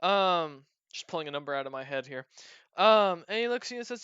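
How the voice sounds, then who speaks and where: A man runs a tabletop game as game master and narrates in a relaxed way, often pausing on fillers. His voice is smooth and clear. It is recorded dry on a slightly dull mic. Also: a little high, no room sound.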